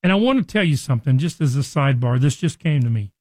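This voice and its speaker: A man's voice: mid-range voice, lively intonation, fast talker, warm tone, no echo. A man teaching a sermon on a Christian radio show, earnest and conversational, now and then acting out the people in the story. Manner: earnest, acts out quoted speech with rising emphasis.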